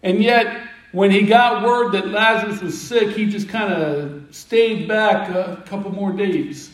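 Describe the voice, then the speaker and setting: In an echoey room, a high-pitched male pastor delivers a sermon, telling a scripture story and doing playful voices for the disciples. He sits back from the mic, recorded from a distance, and speaks a little slowly.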